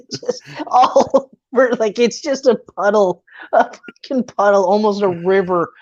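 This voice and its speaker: A woman co-hosting a podcast, chatting excitedly about a movie, swearing often and laughing a lot. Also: mid-range voice, measured pace. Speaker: podcast co-host. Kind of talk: casual movie review chat. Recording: dull lo-fi audio.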